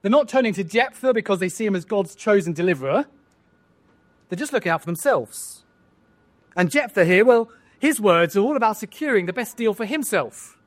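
Guy preaching a sermon, kinda high voice, keeps asking the room questions. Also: expressive, brisk. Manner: rhetorical, asks the listeners questions.

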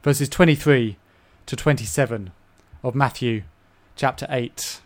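A man from England preaching a sermon, swinging between loud emphasis and hushed asides. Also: medium pitch, a little slow.

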